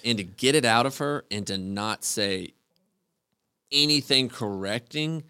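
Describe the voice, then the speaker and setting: A man's voice: medium pitch, a little slow, bright, forceful tone, clear, resonant tone, no echo, clean studio sound. A man hosting a podcast who speaks earnestly and reflectively in casual chat, often filling with "like" and "right?". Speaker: podcast host.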